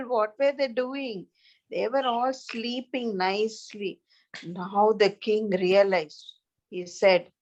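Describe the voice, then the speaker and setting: A woman telling a children's story in a chatty way, asking her listeners questions. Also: a little high. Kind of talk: reading a children's story aloud. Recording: dull lo-fi recording.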